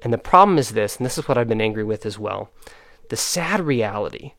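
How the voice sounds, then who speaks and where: Brief: young adult male host, earnest and frustrated, halting with fillers, dry close recording. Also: lowish voice, lively intonation, a bit bright, no room sound. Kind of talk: casual chat.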